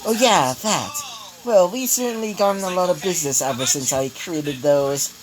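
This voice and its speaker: A sly, scheming fox businesswoman, as a man reads her lines. The talk is casual and halting, with fillers mid-sentence. The pitch sits a little high and moves a lot. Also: lively intonation, low-quality recording. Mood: pleased.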